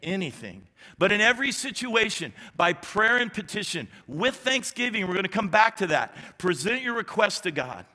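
Bright-voiced male pastor in echoing hall. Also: sits high, very animated, moderate pace. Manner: conversational preaching with emphatic repetition and light humor. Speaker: executive pastor. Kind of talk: sermon. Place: large church sanctuary. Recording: long reverb of a large church hall.

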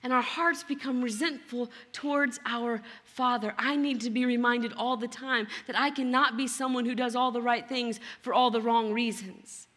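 A woman preaching a sermon as a guest pastor. Her voice sits high and sounds bright and forceful. She speaks earnestly and slips into a character's voice to act out his complaints, with a long reverb trailing in a large auditorium. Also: steady tone, normal speed, hardly any pauses. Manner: earnest, acts out the older brother's complaints.

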